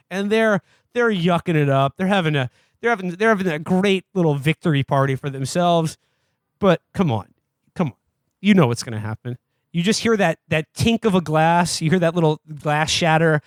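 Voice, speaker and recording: A man co-hosting a podcast, recapping a movie in a profane, animated way and mocking the characters in put-on voices. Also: a little high, a little fast, no echo, clean studio sound. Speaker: podcast co-host. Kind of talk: casual comedic movie recap.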